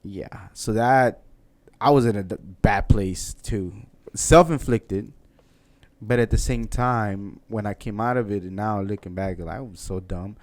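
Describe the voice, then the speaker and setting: Man, podcast host, low voice, casual chat, laid-back, encouraging. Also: unhurried.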